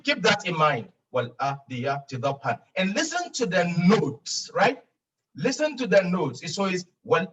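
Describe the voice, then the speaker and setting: Slow-talking male Arabic teacher, distant mic. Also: high voice, a bit bright, husky. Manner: patient, repeats phrases for students to echo. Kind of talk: online language lesson.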